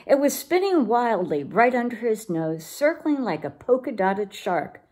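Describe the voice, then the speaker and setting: A woman reads a children's storybook aloud with a lively, expressive lilt. Her pitch moves a lot. Her voice has a light husk. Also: a little slow. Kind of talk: reading a picture book aloud.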